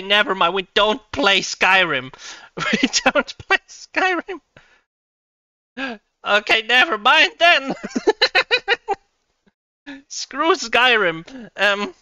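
Bright, lively woman streamer. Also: medium pitch, clean tone, dry recording. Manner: swears a lot, laughs often, thinks aloud. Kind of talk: live game stream chat. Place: home computer setup.

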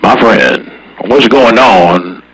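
A man's voice: lowish voice, very slow, a bit bright. A man chatting casually over a CB radio in a drawling, slangy manner, recorded from some distance. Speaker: CB radio operator.

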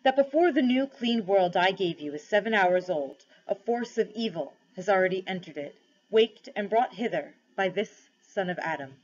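A woman voicing a majestic male lion, speaking slowly and solemnly in a dull lo-fi recording. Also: mid-range voice, animated, a little mellow, close to an everyday voice. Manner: slow, solemn, measured delivery.

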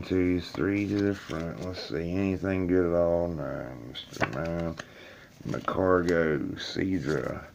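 A man with a low, gravelly voice talks casually to his viewers while he rips open card packs, calling them y'all and grumbling as his frustration builds. He is recorded by a camera sitting on a table in a laundry room, with a faint hiss and crinkling packs behind him. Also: darkish tone, dull audio. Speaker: YouTuber opening card packs. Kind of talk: casual video commentary.

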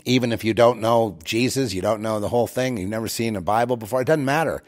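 A man's voice: fairly low pitch, quick pace. A man hosting his own show, talking straight to his listeners in a rambling, preachy monologue full of restarts and repeated words. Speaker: show host.

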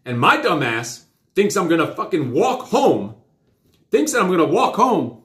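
A man's voice: high-pitched, sing-song, normal speed, fairly bright tone. A man hosting a live show, telling a story to his children in a rambling, profane, casual way. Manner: rambling, profane, with many fillers. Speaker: host and father. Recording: roomy echo.

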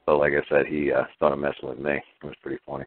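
A man talking casually on a call-in show, piling up rhetorical questions in an animated way. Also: a bass voice, quick pace, no room sound. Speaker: guest caller explaining legal ideas. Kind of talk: casual phone-in talk. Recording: tinny phone line, dry.

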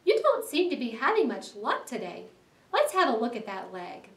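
A woman doing a brisk, bossy water rat. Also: a little high, huge pitch swings, fairly bright tone, roomy sound, recorded from a distance.

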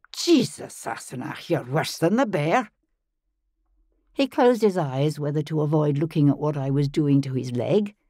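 A woman narrating an audiobook in first person, in a measured, composed manner, on a close studio microphone. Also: deep voice, mellow, dry recording. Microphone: close studio mic.

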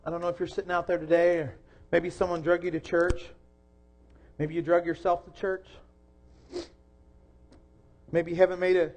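A young man preaching a sermon in a church, earnest, rising to loud emphasis and dropping soft again. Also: high voice. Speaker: pastor.

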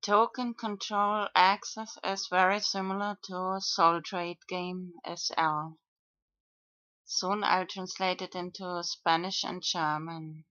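A woman video blogger talking through her own comments in a monologue, with frequent pauses and fillers. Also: lowish voice, steady tone, pushed and bright, dry recording. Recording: dull lo-fi dry recording.

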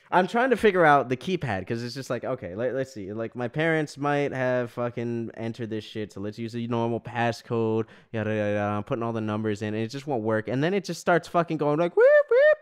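A young man from New York telling a story in a profane, exasperated rant as a podcast host. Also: mid-range voice. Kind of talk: ranting casual monologue.

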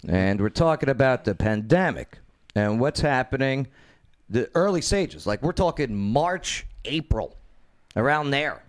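A man hosting his own talk show, telling a story in a lively, animated way with quoted voices. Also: mid-range voice, measured pace. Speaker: radio show host.

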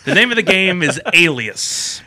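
Guy running a quiz on a podcast, bouncy pitch, teasing, bright tone. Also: big pitch swings, moderate pace. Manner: playful, teasing. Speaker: quiz host. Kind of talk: casual podcast game hosting.

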